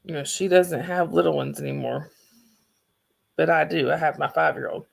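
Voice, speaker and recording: A woman's voice: deep voice, fairly even intonation, moderate pace, vocal fry, husky. A woman with a Southern accent hosting a livestream, chatting casually and rambling with her viewers. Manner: rambling, chatty, restarts sentences. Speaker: livestream host.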